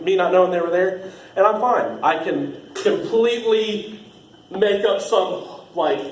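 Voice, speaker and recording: A young man, casually training new staff, rambling, laughing often and using lots of fillers. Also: fairly high pitch. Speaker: haunt trail actor training new staff. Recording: echoey room with faint ambient noise.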